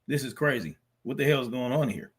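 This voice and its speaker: A man's voice: mid-range voice, brisk, husky. A man hosting a live stream, reacting to clips with blunt, profane, mocking commentary. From family from Mississippi. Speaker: streamer host.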